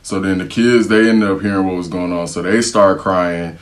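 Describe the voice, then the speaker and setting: A young American man telling a personal travel story to the camera in a casual, slangy, animated way, acting out what other people said. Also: sits low, normal speed. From United States.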